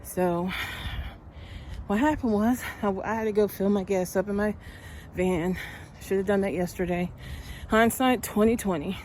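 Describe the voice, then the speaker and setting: A woman's voice: mid-range voice, measured pace, long pauses, darkish tone, a little hiss or hum. Breathless woman vlogging while walking. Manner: chatty storytelling, heated when upset. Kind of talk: casual walking vlog. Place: outdoors, walking.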